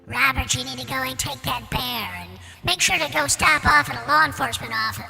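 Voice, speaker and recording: Man doing a high, gravelly brain worm, insistent, sharp, echoing. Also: brisk, soft background music, exaggerated voice. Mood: coaxing. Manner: coaxing, insistent. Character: scheming brain worm whispering orders.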